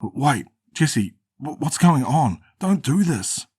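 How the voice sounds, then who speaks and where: A man's voice: on the low side, measured pace, dark tone, husky, no echo, clean studio sound. A man voicing a frightened young man pleading with his captors in a horror story. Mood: panicked. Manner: anxious, pleading.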